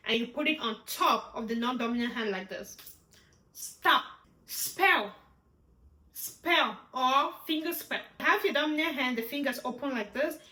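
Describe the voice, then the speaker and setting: A woman's voice: high-pitched, pushed and bright, echoey room. A woman teaching sign language vocabulary, naming each sign twice and walking through the hand shapes with frequent "yeah?" and "right?" check-ins. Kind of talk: demonstrating signs in a tutorial.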